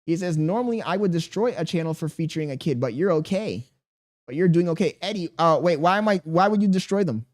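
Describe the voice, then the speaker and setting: A man's voice: fairly high pitch, quick pace. A man live streaming, reading his chat aloud and bantering back in profane, slangy talk. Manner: slangy and animated.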